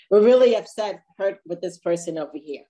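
A woman's voice: medium pitch, expressive, moderate pace, warm tone, poor audio. A woman hosting a talk show, speaking reflectively and sometimes searching for words. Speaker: host. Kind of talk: casual podcast talk.

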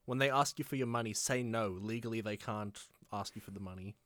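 A man's voice: on the low side, brisk, a bit bright, dry recording. A man co-hosting a podcast in casual banter, chatty and hedging. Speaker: podcast co-host.

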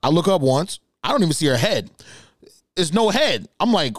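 Animated, profane man telling stories. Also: fairly high pitch, normal speed, no echo, studio quality. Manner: animated, profane, laughing storyteller. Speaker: podcast host. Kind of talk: casual solo storytelling.

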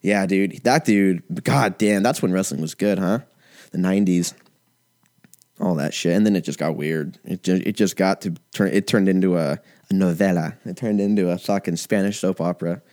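A man in his twenties talks in a loose, rambling way and swears freely. His voice sits a little low. He keeps up a casual, profane chat. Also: normal speed. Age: 20s. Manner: profane, rambling, animated impressions.

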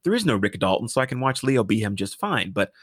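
A man co-hosting a podcast, chatting casually about movies, animated and swearing freely. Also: lowish voice, quick pace, breathy edge, dry recording, clean studio sound. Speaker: podcast co-host.

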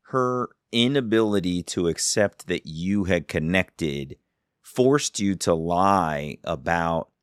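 A man's voice: sits low, expressive, slow pace, clear, resonant tone, dry recording, clean studio sound. A man hosting a podcast, who reflects on and sums up his guest's story before asking questions. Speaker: podcast host. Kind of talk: interviewer summarizing and asking.

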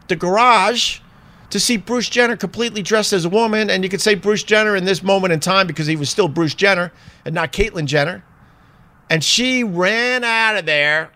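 A man's voice: high voice, sharp tone. A man in a rambling, chatty commentary full of fillers. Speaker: vlogger. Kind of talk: casual commentary.

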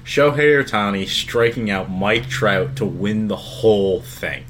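A man's voice: lowish voice, measured pace, fairly bright tone, a little hiss or hum. A man co-hosting a casual sports podcast, talking earnestly and with enthusiasm. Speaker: podcast co-host.

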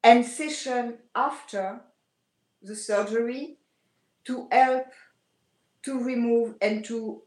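A woman from France with a French accent, a guest speaking haltingly in English as her second language over a video call. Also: fairly high pitch, steady tone, a little mellow, echoey room, poor audio. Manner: halting, searching for English words. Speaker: guest aesthetician. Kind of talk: remote interview.

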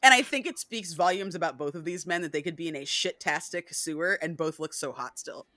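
A woman hosting a podcast in casual chat, animated and acting out scenes in quick quoted voices. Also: lowish voice, dry recording. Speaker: podcast host.

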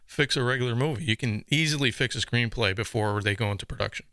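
A man's voice: mid-range voice, fast, pushed and bright, no room sound, clean studio sound. A man from the American Midwest with a Chicago accent, co-hosting a casual movie review podcast and rambling with repeated words. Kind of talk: casual chat.

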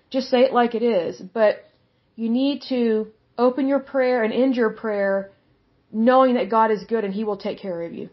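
A woman's voice: on the high side, dull audio. A woman teaching from the Bible in a casual, conversational way, blunt and outspoken.

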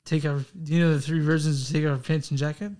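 A young man co-hosting a casual music podcast rambles, swears, and keeps apologizing for himself in a self-deprecating way. His voice is fairly high and a little mellow, delivered flatly at a quick pace.

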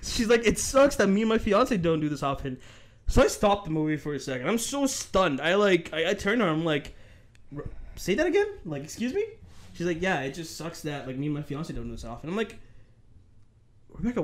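A man's voice: fairly high pitch, sing-song, brisk. A young man, a podcast co-host, telling a story casually and animatedly, acting out the dialogue and swearing freely.

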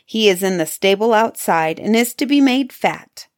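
A woman voicing a cruel, sly old witch in a fairy-tale reading, switching between sweet luring and shrill, mocking commands. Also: animated, normal speed, close to an everyday voice. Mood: cruel commanding.

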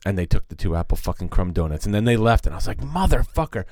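A man's voice: deep voice, very fast, a little mellow, dry recording. A middle-aged man co-hosting a podcast, telling a story in a casual, profane way and acting out the people he quotes. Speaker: podcast co-host.

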